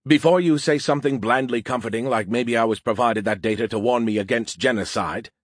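A man's voice: mid-range voice, brisk, dry recording, studio quality, close to an everyday voice. A man voicing a boastful, moody male AI in a beer can, speaking formally without contractions in an audiobook reading. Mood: troubled.

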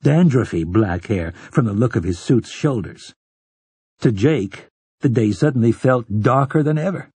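A man narrating an audiobook in a measured, even storytelling manner, with a husky voice. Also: mid-range voice, no room sound. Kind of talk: scripted narration.

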